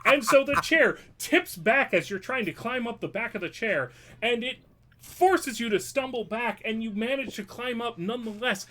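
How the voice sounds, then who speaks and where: A man's voice: extremely high pitch, expressive, normal speed, sharp tone, a little hiss or hum. A man narrating a tabletop game as dungeon master, playful and profane, often laughing as he describes the action.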